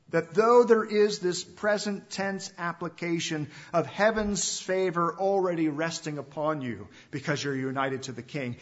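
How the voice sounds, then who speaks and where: A fairly high-voiced man preaching a sermon, pressing hard on key words and then sinking to a near hush at the end of a thought. He repeats phrases and asks his listeners direct questions. The recording sounds muffled and lo-fi. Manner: emphatic preaching that swings between loud stresses and hushed, drawn-out endings. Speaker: pastor. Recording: dull lo-fi recording.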